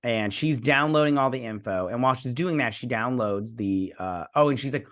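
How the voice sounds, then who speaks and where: A man's voice: mid-range voice, brisk, hardly any pauses, a bit bright. A man from Michigan casually recapping and reviewing a TV episode as host, rambling through the plot with loose retellings and frequent restarts. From Michigan, USA.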